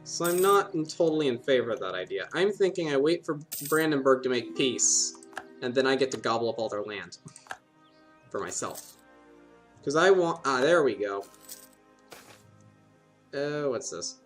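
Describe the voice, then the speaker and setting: A man's voice: medium pitch, expressive, moderate pace, pauses often, soft background music. A man giving rambling, playful commentary while playing a strategy game, talking to himself and laughing at his own jokes. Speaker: gaming video host.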